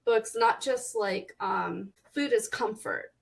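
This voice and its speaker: Chatty woman with a vocal fry. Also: medium pitch, rough recording. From Texas. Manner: chatty and animated, quick restarts. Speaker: guest author. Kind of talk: casual podcast interview chat.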